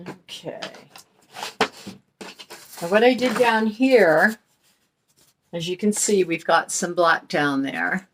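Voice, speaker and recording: A woman's voice: fairly low pitch, slow, long pauses, a little hiss or hum. A middle-aged woman hosting a crafting channel, chatting in a folksy way while she paints and explains each step. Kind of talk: casual craft tutorial talk.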